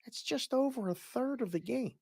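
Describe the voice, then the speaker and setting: A man co-hosting a sports podcast, a former player and youth coach, explaining hockey in a measured, wry way. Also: very high-pitched, expressive, vocal fry, slightly rough, no echo, clean studio sound. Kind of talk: casual sports talk.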